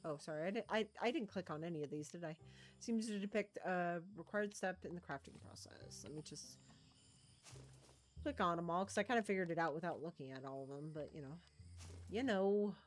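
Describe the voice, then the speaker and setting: A woman's voice: lowish voice, fairly quick. A woman streaming a video game, chatting casually with viewers as she thinks aloud and adds playful little sound noises. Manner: coos affectionately at game creatures. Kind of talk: casual live-stream commentary.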